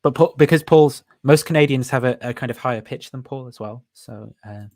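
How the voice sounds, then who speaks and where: A man's voice: mid-range voice, a little fast, darkish tone, dry recording. A man hosting a casual livestream, rambling and thinking aloud with frequent fillers and self-amused laughs. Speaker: host.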